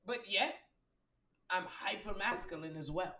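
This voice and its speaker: A woman hosting a casual spiritual chat, with a strong low voice, talking loud and profane. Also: unhurried, recorded from a distance. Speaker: host.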